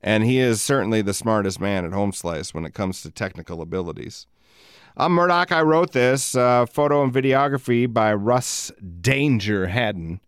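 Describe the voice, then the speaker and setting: A man's voice: fairly low pitch, lively intonation, moderate pace, clean tone, no room sound. Middle-aged guy hosting a podcast, swears a lot, laughs mid-story, dry studio mic sound. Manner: profane, rambling, laughing often. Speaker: podcast host. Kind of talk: casual storytelling chat. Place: recording studio. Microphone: studio microphone.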